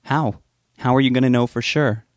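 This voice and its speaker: A man reading an audiobook, voicing a blunt, protective young woman friend with a sharp, sarcastic edge. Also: mid-range voice, steady tone, moderate pace, no echo, lightly acted. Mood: doubtful. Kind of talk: audiobook character voice.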